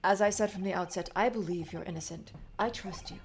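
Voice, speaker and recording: A woman's voice: mid-range voice, brisk, a little hiss or hum, close to an everyday voice. A woman voicing a stern, earnest male lawyer mentor. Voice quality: firm, earnest.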